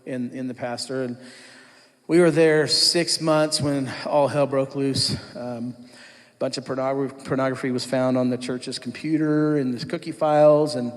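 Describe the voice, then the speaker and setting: A man's voice: medium pitch, fairly even intonation, measured pace. Man giving a testimony in a reverberant church. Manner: conversational storytelling, acting out what others said. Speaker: church worship leader giving his testimony. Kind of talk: personal testimony told to a congregation. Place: church sanctuary. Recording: long church-hall reverb.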